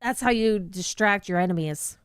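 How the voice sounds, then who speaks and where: A woman's voice: medium pitch, moderate pace, smooth, no echo, clean studio sound. A woman VTuber chatting casually and giggling while playing through a story game and reading its dialogue aloud. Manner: chatty, giggly, self-mocking. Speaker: VTuber streamer. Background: loud game music.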